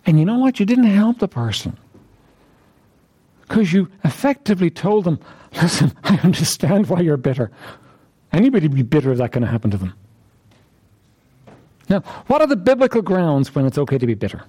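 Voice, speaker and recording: A man's voice: high voice, big pitch swings, fairly quick, pauses often, dark tone. A man preaching an interactive sermon, repeatedly questioning his listeners with emphasis.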